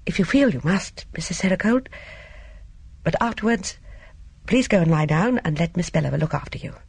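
Calm young doctor, measured and professional, gravelly, read by a narrator in a storybook. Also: medium pitch, no echo, voice pushed up.

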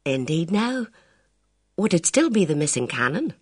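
A man's voice: a little high, very animated, moderate pace, breathy edge, dry recording, clean studio sound. A reader voicing a chatty, persuasive Irish hotel doorman in an audiobook, with an Irish accent. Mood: coaxing. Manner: coaxing, folksy.

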